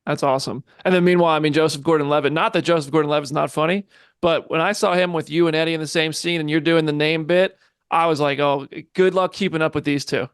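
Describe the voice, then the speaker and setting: A man's voice: a little high, fairly even intonation, fast talker, clean tone, no echo, studio quality. A man hosting an entertainment interview, asking eager, chatty questions. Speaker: interviewer host.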